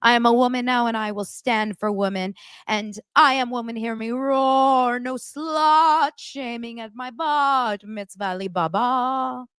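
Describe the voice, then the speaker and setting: A woman voicing an imperious, indignant female reality star, dramatic and shrill, with a dry close sound. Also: a little slow, a bit bright, clean tone, dry recording.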